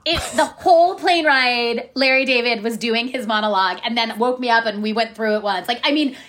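A woman in her forties, a guest actress in casual chat, telling stories in an animated way and talking nonstop. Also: on the high side, brisk. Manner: chatty, animated, talks nonstop.

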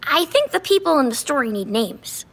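A woman's voice: high voice, very animated, normal speed, a bit bright, full character voice. A woman voicing a curious, playful young boy in a children's audio story, asking eager questions. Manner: eager, chatty.

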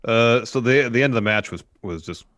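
A man co-hosting a casual livestream, recounting a wrestling match move by move in a steady run-on way. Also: mid-range voice, brisk, no room sound, clean studio sound. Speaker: co-host.

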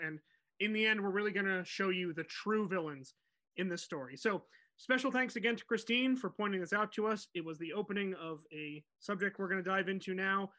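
A podcast host with a high, bright voice leads the storytelling, talking in a casual, animated, chatty way and laughing easily as he goes.

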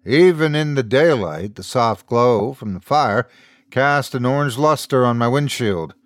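Expressive male horror storyteller. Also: mid-range voice, a little slow, no echo, studio quality. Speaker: host and narrator. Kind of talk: scripted horror story narration.

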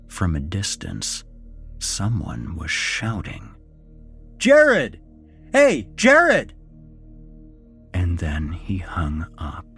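A man narrating a first-person horror story in a shaken, subdued way. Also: deep voice.

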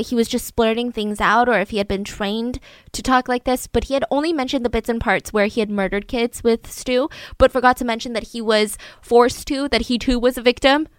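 A woman casually retelling a true crime story, animated, acting out the people she quotes. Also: smooth, no echo. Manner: animated, acts out quotes with raised pitch and volume.

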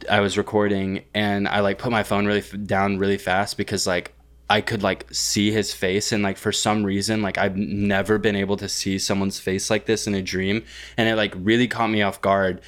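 Young man, very low voice, smooth and clear, rambling, swears a lot, casual podcast chat. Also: little pitch movement, normal speed, a bit bright. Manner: rambling, heavy swearing and fillers. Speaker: podcast co-host. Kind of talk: casual chat, telling a dream.

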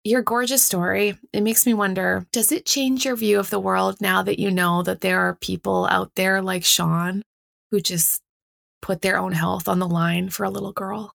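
Gravelly-voiced woman host. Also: mid-range voice, steady tone, normal speed, no room sound, studio quality. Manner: warm reactions, laughs often. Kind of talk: interviewing.

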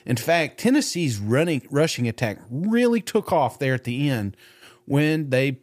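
A man's voice: mid-range voice, big pitch swings, unhurried, a little mellow, no room sound. A man co-hosting a sports podcast, talking animatedly and swearing freely, with many stammering restarts. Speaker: podcast co-host. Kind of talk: casual sports talk.

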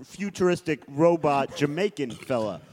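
Male podcast co-host, high and animated, joking and exasperated. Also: moderate pace. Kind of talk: casual banter.

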